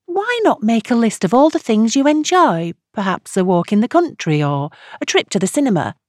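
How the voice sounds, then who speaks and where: A woman narrator voicing a soothing radio advice host of about fifty who speaks gently to her callers. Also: fairly high pitch, big pitch swings, moderate pace, no room sound, studio quality, voice pushed up. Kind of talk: audiobook character reading.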